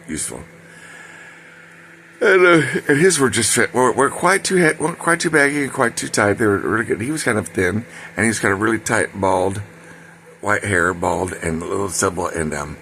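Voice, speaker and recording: A man's voice: low-pitched, gravelly, fairly bright tone, slight background noise. A man telling a personal story in a casual, rambling way, full of fillers and side remarks. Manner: rambling, digressive, many fillers and asides.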